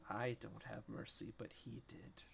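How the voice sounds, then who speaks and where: A man's voice: on the low side, flat delivery, a little slow, vocal fry, a little hiss or hum. A man voicing a very old, cruel male elf who speaks with menace and condescension in a tabletop game. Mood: menacing. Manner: menacing, condescending, calls others "boy". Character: ancient cruel male elf lord, mocking.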